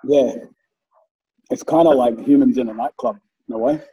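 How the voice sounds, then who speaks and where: A man's voice: medium pitch, normal speed, vocal fry, warm tone, breathy edge, recorded from a distance, rough recording. A man telling rambling stories in casual chat, swearing freely and laughing at his own tales.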